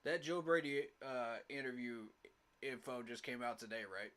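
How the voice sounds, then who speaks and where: Livestreaming his reaction to a match, a young fan vents exasperation at his football team, hammering the same points over and over with emphasis. He speaks at a moderate pace in a medium pitch with a fairly bright tone.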